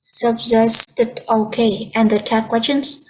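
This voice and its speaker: A woman's voice: on the high side, level tone, slow pace, darkish tone, a little hiss or hum. A woman English teacher with a Vietnamese accent, explaining patiently over a video call. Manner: explains patiently, switching between languages. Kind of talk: online class instruction.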